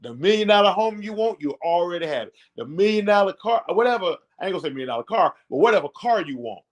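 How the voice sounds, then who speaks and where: A man's voice: high voice, big pitch swings, fast. A middle-aged man giving a motivational talk to his channel's viewers, preachy and repetitive, getting fired up as he encourages them. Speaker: network marketing channel host.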